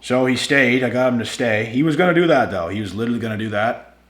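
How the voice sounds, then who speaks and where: A man telling a personal story to his viewers in a casual, animated way, slangy and swearing freely. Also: medium pitch, quick pace, reverberant.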